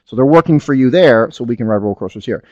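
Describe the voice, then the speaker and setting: A man's voice: medium pitch, fast talker, dry recording, lo-fi sound. A middle-aged man giving a business webinar, telling a family story and often asking the audience whether it makes sense. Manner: animated storyteller, asks the audience to agree. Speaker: webinar presenter.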